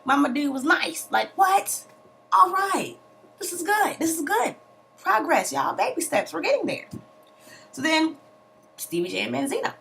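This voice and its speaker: A young woman recapping a reality TV episode in a sassy, animated way, full of slangy asides and mock outrage. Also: sits high, measured pace, creaky, long pauses, a little hiss or hum. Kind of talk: casual recap commentary.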